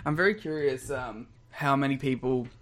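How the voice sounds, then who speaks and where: A young man co-hosting a podcast in casual banter, laughing often and throwing in quick asides. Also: mid-range voice, a bit bright. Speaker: podcast co-host.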